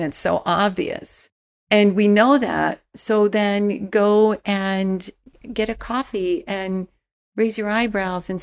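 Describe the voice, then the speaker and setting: A woman speaking as a spiritual mentor guest in a relaxed interview, calm and reflective with easy laughs. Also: fairly low pitch. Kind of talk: casual interview chat.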